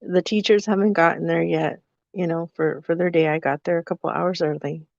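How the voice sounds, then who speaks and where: A podcast co-host tells a story in casual chat, voicing both sides of the conversation herself. She speaks a little fast, with a fairly low, steady voice and some vocal fry. The recording sounds dull, dry and lo-fi, with no room sound.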